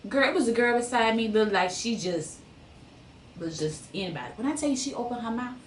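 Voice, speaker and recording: Woman, lively storyteller, casual radio chat, echoey room, off-mic, faint ambience. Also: on the high side, brisk, slight background noise. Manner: animated storyteller, acting out quoted dialogue. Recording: roomy sound from a distant mic.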